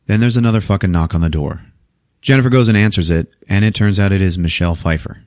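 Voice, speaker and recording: A man's voice: sits low, a little fast, no echo, clean studio sound. A man casually retelling a movie plot on a podcast, swearing freely, laughing often and acting out the characters' lines. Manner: profane, laughing, acts out characters. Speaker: podcast host.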